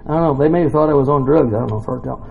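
A man's voice: mid-range voice, rapid-fire, gravelly, narrow, tinny audio. A man giving a casual, jokey sermon in a church, rambling into asides between scripture readings. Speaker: preacher.

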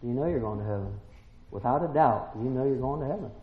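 A man preaching a sermon, emphatic and full of rhetorical questions, building to excited peaks. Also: medium pitch, fast talker. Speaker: pastor. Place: church. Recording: roomy church, dull lo-fi sound.

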